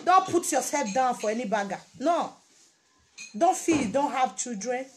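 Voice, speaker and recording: A woman's voice: high-pitched, lively intonation, moderate pace, slight background noise. A woman with a Nigerian Pidgin English accent giving a casual motivational talk, repeating her phrases for emphasis. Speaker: vlogger.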